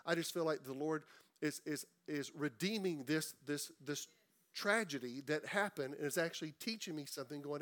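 A middle-aged man preaching a sermon in a conversational way, repeating words and slowing down for emphasis. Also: fairly high pitch, fairly bright tone. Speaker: pastor.

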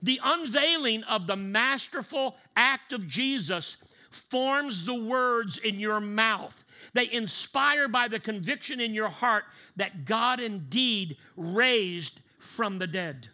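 A male pastor preaching a sermon emphatically, slowing down to stress key words and having the congregation repeat lines after him. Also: sits high, lively intonation, pushed and bright.

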